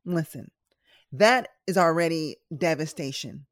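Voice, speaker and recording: A woman's voice: low voice, a little slow, no room sound, clean studio sound. A middle-aged woman hosting a podcast, talking candidly and directly to her listeners in a chatty personal style. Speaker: podcast host and nurse.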